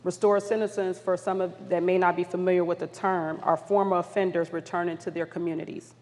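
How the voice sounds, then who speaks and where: A woman facilitator leading an audience through polling questions at a community summit, upbeat and encouraging. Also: on the low side. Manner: upbeat, encouraging, apologetic when flustered. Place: large conference hall. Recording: long hall reverb.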